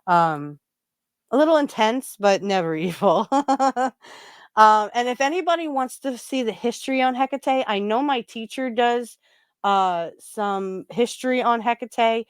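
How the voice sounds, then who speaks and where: A woman's voice: on the high side, unhurried, smooth, no room sound, studio quality. A woman hosting a casual podcast about spiritual practice, rambling with many fillers and restarts. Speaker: podcast host.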